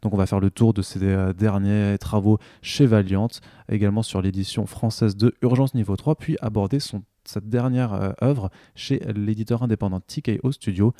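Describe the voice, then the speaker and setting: A French man hosting a casual podcast interview, speaking with a French accent and pausing often with fillers. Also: on the low side, steady tone, mellow, no room sound, studio quality. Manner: halting, frequent filler pauses. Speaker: podcast host.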